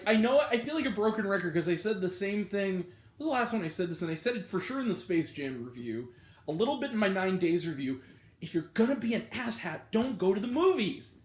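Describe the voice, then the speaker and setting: A man hosting his own movie review vlog, talking casually and ranting with pitch jumping up when annoyed. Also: echoey room.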